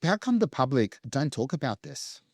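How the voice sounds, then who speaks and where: A man's voice: medium pitch, sing-song, normal speed, a little mellow, breathy edge, no room sound, clean studio sound. A man hosting an interview podcast, asking earnest and reflective questions. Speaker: podcast host. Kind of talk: interview conversation.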